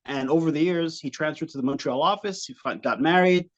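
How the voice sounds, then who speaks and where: A man's voice: fairly high pitch, brisk, dull audio. A man from Canada, a comedian guest, telling comic stories and laughing often as he talks. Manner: animated, laughing often, jumps into impressions. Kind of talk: comic storytelling.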